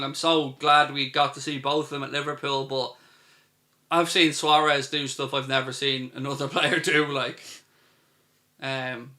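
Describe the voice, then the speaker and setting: Hosting a live football watchalong, this Irish-accented man has a mid-range voice that sounds pushed and bright. He keeps things chatty, reading viewers' questions aloud and responding to each.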